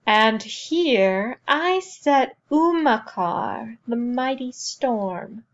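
A woman narrator puts on a wise and fierce old woman elder from a storybook, her voice lifted high and her words drawn out slowly like a ritual. She speaks with solemn weight, and the recording sounds slightly dull and lo-fi. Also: animated, heavily acted. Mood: solemn blessing. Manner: slow, solemn intoning.

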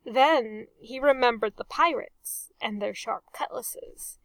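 A woman reading a story aloud in a measured, expressive way. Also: on the high side, dry recording. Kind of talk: storybook narration.

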